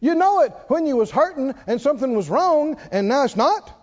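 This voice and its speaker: A man preaching a sermon as pastor of a church, animated, calling out hallelujahs. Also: very high voice, brisk. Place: church sanctuary. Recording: dull sound, long hall reverb.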